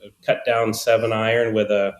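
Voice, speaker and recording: A man's voice: on the low side, level tone, normal speed, slight background noise. A man in his fifties from Australia who speaks with an American accent, telling easygoing, joking stories as a podcast guest. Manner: easygoing, joking, rambling anecdotes. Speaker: guest, golf coach. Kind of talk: casual interview storytelling. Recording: roomy echo.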